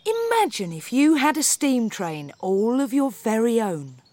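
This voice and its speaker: A woman presenting a children's program, singing and speaking in a slow, gentle, sing-song way. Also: on the high side, very animated, dry recording, soft background music.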